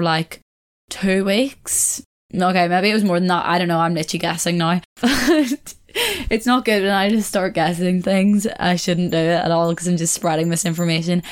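A young woman hosting a casual solo podcast, chatty and rambling, often correcting herself and laughing. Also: lowish voice. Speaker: podcast host.

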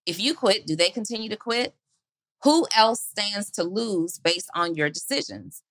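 A woman's voice: mid-range voice, lively intonation, measured pace, fairly bright tone, no room sound, rough recording. A woman hosting a motivational podcast, preaching through repeated rhetorical questions. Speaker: podcast host.

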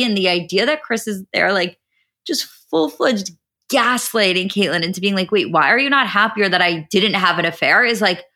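A woman co-hosting a podcast, talking animatedly with many "like"s and some swearing. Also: mid-range voice. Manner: animated, fills talk with "like", swears. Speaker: podcast co-host. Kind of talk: casual recap chat.

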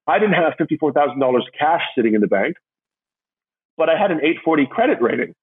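A man's voice: big pitch swings, fast, slightly rough, phone-quality sound. A man animatedly telling his own story, acting out the voices of the people in it. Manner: acts out others' voices with big pitch jumps.

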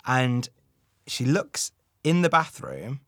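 A man, a comedian, retelling a half-remembered story in a rambling, chuckling way, with slow dramatic emphasis. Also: mid-range voice, huge pitch swings, dry recording, studio quality. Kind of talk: casual storytelling.

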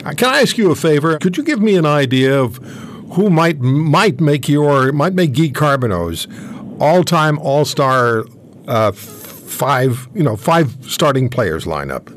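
A man in his seventies, hosting an interview and telling stories in a chatty, animated way. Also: on the high side, a little slow, slight background noise. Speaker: host. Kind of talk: casual interview chat.

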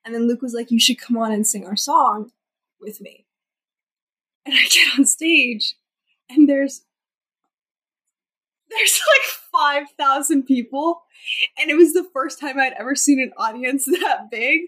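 Young female guest, husky and a bit high, rambling casual chat with many fillers. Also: measured pace, fairly bright tone, low-quality recording. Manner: chatty, many "like" fillers, laughs often. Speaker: singer-songwriter guest.

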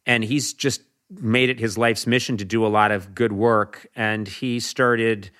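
A man's voice: lowish voice, steady tone, a little slow, a bit bright. A man as a podcast guest, telling an earnest story animatedly, with frequent restarts. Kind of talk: casual conversation.

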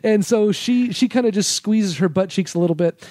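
A man's voice: sits high, moderate pace, dark tone, no room sound, clean studio sound. A man guesting on a podcast, telling rambling, profane stories in casual chat and laughing often. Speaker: podcast guest, former adult-film editor.

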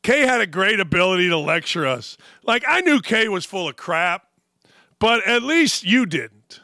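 A man hosting a sports talk show, ranting with sarcasm and animated swings. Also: high-pitched, unhurried, no room sound, clean studio sound.

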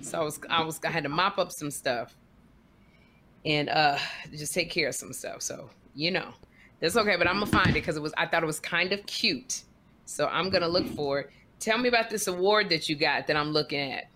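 A woman co-hosting a talk show in casual, animated chat, often laughing. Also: low-pitched, slight background noise. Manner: animated, chatty, quick to laugh. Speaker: co-host.

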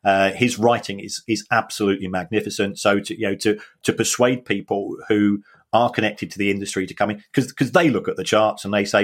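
Earnest low-voiced male podcast co-host. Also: fairly even intonation, brisk. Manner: earnest and emphatic, with some stammering restarts. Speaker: podcast co-host, football finance expert. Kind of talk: casual chat.

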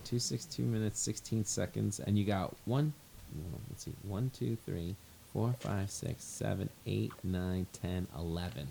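A man's voice: on the low side, a little slow, creaky, dark tone, slight background noise. Man, podcast host, teasing, running a quiz, casual. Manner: joking, teasing. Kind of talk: casual chat.

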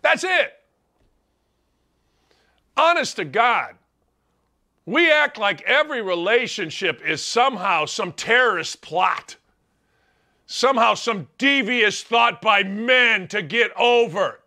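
A man's voice: high voice, lively intonation, slow, long pauses, bright, forceful tone. A middle-aged man hosting a sports talk show, ranting in an opinionated monologue full of rhetorical questions. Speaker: sports radio host.

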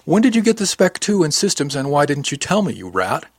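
A man's voice: mid-range voice, lively intonation, quick pace, no echo, studio quality, voice pushed up. A man voicing a curious, teasing young woman crewmate in an audiobook. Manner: inquisitive, teasing.

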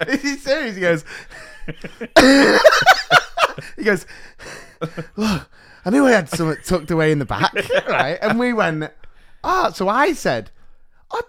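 A man's voice: high voice, takes it slowly, long pauses. A man, co-hosting a podcast and telling stories with lots of laughter and acted-out quotes. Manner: animated storyteller, acts out quotes, laughs a lot. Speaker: podcast co-host, teacher. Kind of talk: casual chat, storytelling.

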